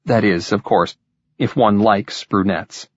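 Male reader as a wry, easygoing husband; low, husky, dull sound. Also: slow, no echo. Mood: dry. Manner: relaxed, dry humor.

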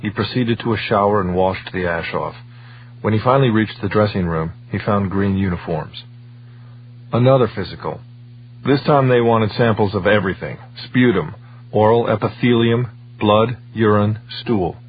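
A man reading an audiobook in measured, even scripted narration. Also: on the low side, dull audio, slight background noise.

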